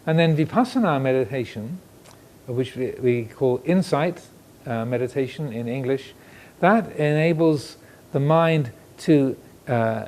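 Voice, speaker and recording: A man, a Buddhist monk, giving a dharma talk indoors, reflective and pausing, asking questions as he goes. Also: mid-range voice, a little mellow. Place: indoor room with air conditioner. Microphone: filmed by cameras.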